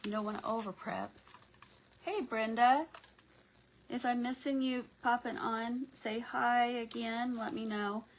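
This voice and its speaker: A woman's voice: on the high side, steady tone, a little slow, a little hiss or hum, low-quality recording. A woman hosting a casual craft livestream, chatting and greeting viewers by name as she works, sometimes dropping to a near whisper.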